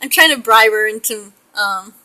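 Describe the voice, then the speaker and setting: Chatty bright-voiced middle-aged woman. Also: medium pitch, lively intonation, normal speed, rough recording. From United States. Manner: chatty, rambling, laughs often. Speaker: pet portrait artist. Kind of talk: casual chat while painting.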